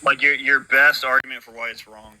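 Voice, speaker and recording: A man's voice: medium pitch, flat delivery, a little fast, a crowd in the background, rough recording. A man in a casual online debate chat, pressing the others with challenging questions. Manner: insistent, challenging. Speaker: debate participant.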